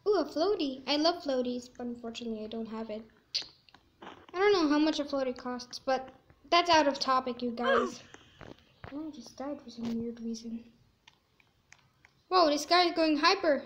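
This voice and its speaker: A woman giving chatty gameplay commentary, squeamish and quick to exclaim in disgust. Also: high voice, expressive, a little hiss or hum. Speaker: gaming video creator.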